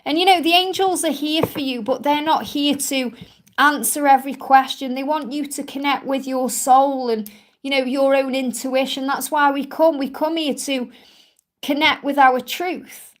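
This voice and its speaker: A woman's voice: high voice, fairly even intonation, moderate pace. A woman from England with a strong Stoke-on-Trent accent, chatting and reassuring viewers as a spiritual reader in a live stream Q&A. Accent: Stoke-on-Trent English. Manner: chatty, reassuring, many "you know" fillers.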